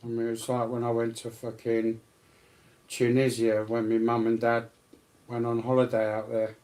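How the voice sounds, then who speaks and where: A man co-hosting a casual late-night chat, swearing freely and telling stories in an animated way. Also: medium pitch, moderate pace. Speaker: co-host of a live stream.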